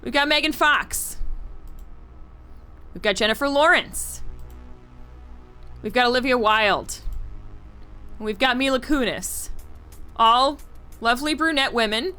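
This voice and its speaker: A woman streaming live, chatting with her viewers in an animated way and often laughing. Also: high voice, a little slow, pauses often, clear, resonant tone. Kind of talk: casual live-stream commentary. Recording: faint music behind.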